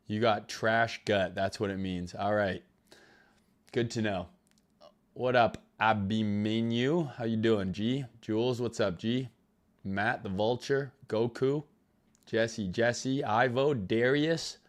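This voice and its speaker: A crypto trading livestream host who is recovering from illness takes things slowly in a fairly low-pitched voice. He chats loosely, swears, and reads chat names aloud as he says hi to viewers.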